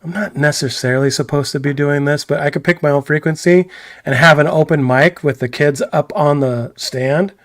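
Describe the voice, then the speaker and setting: A man co-hosting a live stream, chatting casually and excitedly, rambling and laughing often. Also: fairly high pitch, moderate pace, no room sound, studio quality. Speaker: co-host of a live stream show. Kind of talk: casual banter.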